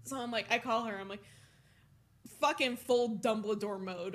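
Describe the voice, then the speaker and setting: A young woman co-hosting a casual podcast, telling a story with lively, profane energy. Her voice sits a little high and sounds bright and sharp. She acts out the other people in her story as she goes. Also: normal speed. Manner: animated, swearing, laughing storyteller. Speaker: podcast co-host.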